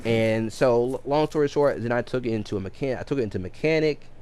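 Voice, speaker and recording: A man's voice: mid-range voice, fast talker, darkish tone, clean tone. A man casually telling a long story on a game livestream, rambling with many restarts and self-corrections. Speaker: game streamer.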